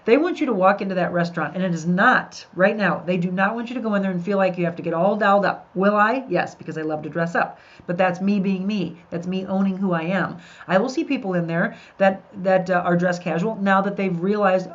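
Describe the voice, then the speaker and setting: Her medium-pitched voice runs a little fast as this middle-aged host keeps an upbeat live podcast chat going with viewers. She speaks directly to listeners, and the audio comes through dull and lo-fi.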